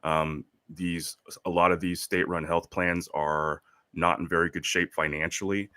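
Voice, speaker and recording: A man co-hosting a podcast, going over headlines in a measured way with frequent ums. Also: sits low, flat delivery, sharp tone, clear, resonant tone, no room sound, studio quality. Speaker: podcast co-host reading headlines. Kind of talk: casual news chat.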